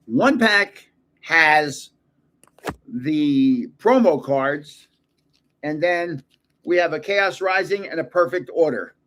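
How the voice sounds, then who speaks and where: Slow and full of pauses, a slightly high, fairly bright voice with lively intonation belongs to an older man opening cards for his collector channel. He rambles chattily into funny stories and laughs at them himself.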